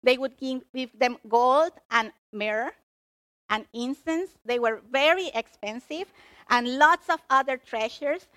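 A woman preaching a sermon, emphatic and expressive as she tells the story. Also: sits high, slow, no echo.

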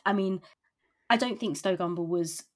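A woman's voice: medium pitch, normal speed. A woman co-hosting a book podcast, talking casually and hesitantly about a novel. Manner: hesitant, many fillers and restarts. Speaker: podcast co-host.

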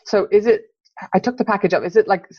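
A woman's voice: mid-range voice, fast talker, a little mellow, slightly rough, dry recording, muffled recording. A woman guest on a podcast, talking in a friendly, rambling way. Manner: friendly, rambling, laughs easily. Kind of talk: casual interview chat.

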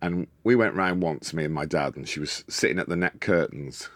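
A man's voice: deep voice, moderate pace, dry recording. A man from Wales, telling stories as a guest in a casual chat and acting out the people in them. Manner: animated raconteur who acts out voices.

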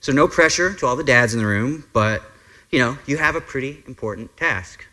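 A man's voice: medium pitch, lively intonation, a little fast, bright, forceful tone. A man preaching a Sunday sermon as pastor, talking in an earnest, conversational way with frequent fillers. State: briefly emotional. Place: church sanctuary.

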